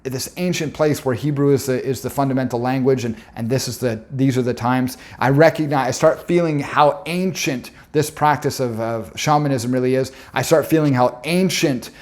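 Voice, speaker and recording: A man's voice: medium pitch, normal speed, hardly any pauses, darkish tone. A young man telling a personal story in an earnest, intense way, often stopping to restart his words.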